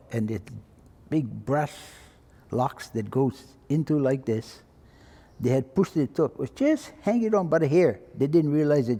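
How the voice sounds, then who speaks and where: A man's voice: medium pitch, warm tone, big-room sound. A retired fire chief in his eighties with a Hawaiian Pidgin-tinged accent, telling an old story plainly and acting out the voices of people in it. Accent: Hawaiian Pidgin-tinged English. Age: 80s. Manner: plain-spoken, acts out quoted voices. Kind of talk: oral-history storytelling.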